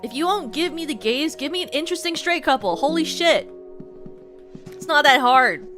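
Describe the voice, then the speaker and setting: Streaming a game with music in the background, a young woman rants casually, swearing a lot and sounding exasperated. Her high, slightly bright voice has lively intonation at a normal speed.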